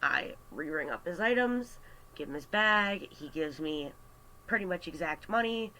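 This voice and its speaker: A man telling a story on a casual vlog, animated and chatty with lots of fillers, into a computer mic. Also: on the high side, a little slow, rough recording. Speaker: artist vlogger. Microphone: webcam or computer mic.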